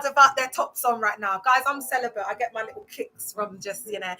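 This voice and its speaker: A woman's voice: fairly high pitch, expressive, a little fast, gravelly, noisy background. A young woman who talks in a sassy, slangy way and often laughs, chatting casually on a livestream about cults. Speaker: vlogger discussing cults.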